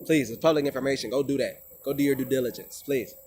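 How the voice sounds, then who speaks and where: A man's voice: medium pitch, quick pace, a little mellow, slight background noise. A man, a wellness coach, talking to his viewers in an emphatic, preachy way with lots of casual slang. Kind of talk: informal monologue to viewers.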